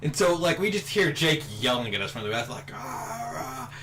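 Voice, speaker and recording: A man's voice: on the high side, big pitch swings, fast talker, sharp tone, slight background noise. A young man casually telling a rambling, giggly story while his friends play a video game. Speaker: co-host of a gaming channel. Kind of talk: casual storytelling over gameplay.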